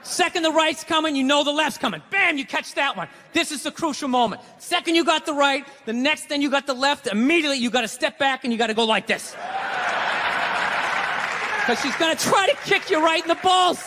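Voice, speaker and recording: A man's voice: extremely high pitch, animated, a little fast, pushed and bright, some chatter behind. A middle-aged man doing stand-up, telling a profane, self-mocking story in a ranting style. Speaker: stand-up comedian. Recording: long hall reverb, faint noise.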